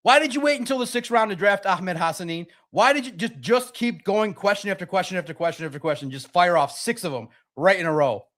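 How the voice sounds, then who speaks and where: A young man hosts a live sports stream, firing off his thoughts in an animated, rapid-fire way. His voice sits a little on the high side, and he often breaks off and restarts his sentences as he talks. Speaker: sports podcast host.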